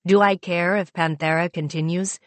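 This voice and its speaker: A woman reading a first-person novel aloud in a measured, even manner. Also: fairly low pitch, no room sound. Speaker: audiobook narrator.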